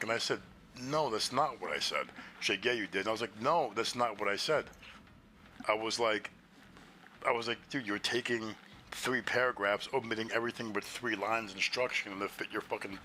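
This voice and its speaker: A man's voice: fairly low pitch, sharp tone, slight background noise. A man casually telling a story on a stream, profane and exasperated, acting out both sides of the conversation. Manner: profane, exasperated retelling with quoted dialogue.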